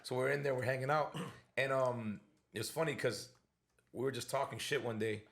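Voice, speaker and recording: A man in casual chat, telling a story in an animated way, acting out dialogue and swearing a lot, in an echoey room. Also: medium pitch, a little fast, vocal fry, faint music behind. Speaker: podcast guest.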